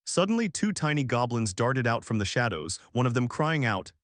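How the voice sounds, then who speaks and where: Animated male recap narrator. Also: medium pitch, normal speed, no echo, clean studio sound.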